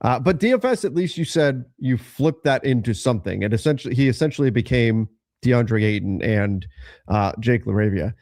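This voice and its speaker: A man's voice: medium pitch, expressive, moderate pace, a little mellow, dry recording. Guy hosting a live hoops trade show, dry close sound, medium voice, talks it through with punchy verdicts. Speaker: podcast host. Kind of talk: live basketball analysis chat.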